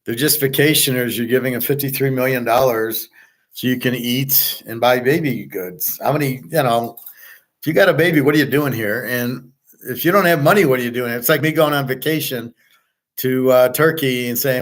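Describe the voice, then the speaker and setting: A man's voice: medium pitch, normal speed. Blunt, rambling man. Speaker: host. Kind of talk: casual monologue.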